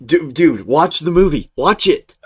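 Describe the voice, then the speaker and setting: A man's voice: a little high, animated, unhurried, breathy edge. A man co-hosting a reaction video in casual chat, sarcastic and exasperated.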